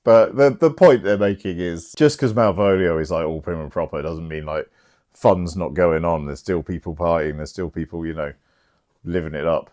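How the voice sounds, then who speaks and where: Slightly tipsy from drinking, a young male host speaks in a low voice at a moderate pace. He casually and irreverently recounts the plot of a play, animated and swearing a lot along the way.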